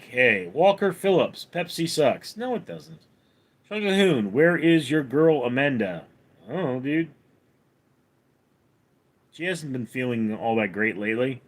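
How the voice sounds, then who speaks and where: A man hosting a livestream at home, reading chat comments aloud and answering them deadpan. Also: medium pitch. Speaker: livestream host.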